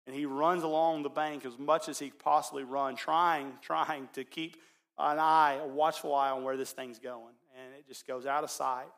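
A pastor delivering a sermon built around a story. His voice sits a little high for a man. He swings from loud, excited bursts to hushed, quiet stretches. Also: moderate pace.

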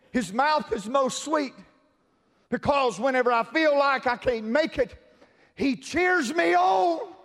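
High-voiced preacher in a reverberant hall. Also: male voice, measured pace. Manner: impassioned, swings from soft murmurs to shouting; sing-song preaching cadence. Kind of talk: sermon.

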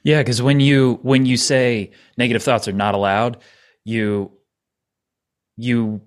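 A man's voice: mid-range voice, little pitch movement, slow. A man hosting a podcast in casual conversation, reflective and coaching, checking in with "right?".

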